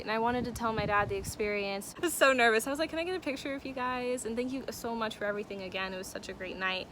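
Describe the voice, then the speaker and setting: A woman's voice: a little high, fast, hardly any pauses, fairly bright tone, a little hiss or hum. A young woman telling a personal story to her camera in a chatty, emotional way, with lots of fillers. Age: young adult. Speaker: vlogger. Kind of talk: casual story-time vlog.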